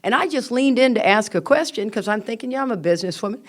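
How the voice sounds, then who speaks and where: An older woman giving a candid, lively talk to a recovery meeting. She reads out quotes and acts out the people in her stories. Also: fairly high pitch, fast talker.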